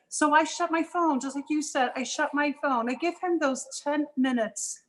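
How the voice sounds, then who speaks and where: A woman with a high voice talks as a guest on a live panel show. She tells stories in an animated way, with quick asides, and she acts out the lines she quotes. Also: low-quality recording. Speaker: guest entrepreneur. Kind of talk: casual panel talk, telling a story.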